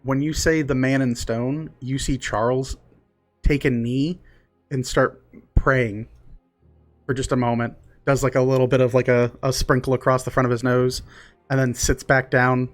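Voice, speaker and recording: A man's voice: mid-range voice, level tone, moderate pace, faint music behind. A man narrating a tabletop game as game master, casually and with many fillers.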